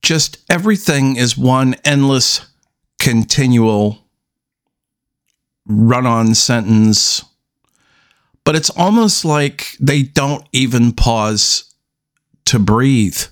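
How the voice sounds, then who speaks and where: A man hosting a solo podcast, talking unscripted, halting and restarting, with long deliberate pauses between statements. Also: medium pitch. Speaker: podcast host.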